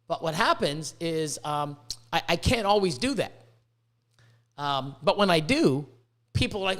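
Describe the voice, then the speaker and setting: A Canadian man hosting a podcast, ranting excitably with lots of swearing and stumbling restarts. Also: a little high, measured pace, pauses often. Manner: profane, excitable, with many restarts. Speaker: podcast host. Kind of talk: casual podcast rant.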